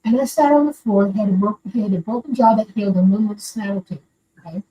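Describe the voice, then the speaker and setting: With a dark tone and fast delivery, this older Florida woman's mid-range voice carries a personal story she's called in to share. She tells it casually, earnestly, and at rambling length, and a distant mic picks up faint background noise.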